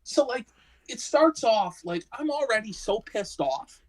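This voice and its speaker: A woman's voice: fairly high pitch, expressive, unhurried, rough recording. Profane, ranting woman co-host. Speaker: podcast co-host. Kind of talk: casual wrestling discussion.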